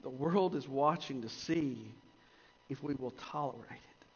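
A man preaching a sermon as pastor, swinging between emphatic rises and quiet, intense drops. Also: mid-range voice, unhurried, slight background noise. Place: church sanctuary. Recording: long church reverb, dull lo-fi sound.

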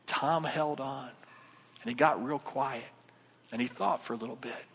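Male pastor, chatty jokey sermon, bright fairly high voice, hall reverb. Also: measured pace, breathy edge. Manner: conversational, jokey, acts out quoted voices. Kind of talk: sermon with acted-out story.

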